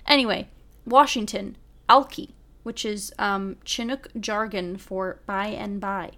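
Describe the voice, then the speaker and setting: A woman reads through a long list at an unhurried, careful pace, her voice sitting in an ordinary middle register. She takes each item deliberately, sometimes tripping over unfamiliar foreign words and apologizing with a laugh. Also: mid-range voice, steady tone, pushed and bright. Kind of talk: casual reading of a list.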